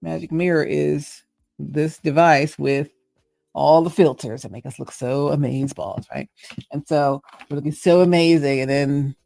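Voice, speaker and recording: A woman's voice: sits low, steady tone, moderate pace, vocal fry, dark tone, dry recording. A middle-aged woman with a Southern US accent, hosting a casual reflective monologue, chatty and playful as she muses aloud. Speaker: host.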